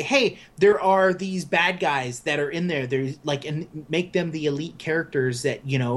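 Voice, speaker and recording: A podcast co-host in casual gaming chat, speaking at a middling pitch. The talk is opinionated and long-winded, full of "uh" and restarts. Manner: opinionated, explains at length with fillers.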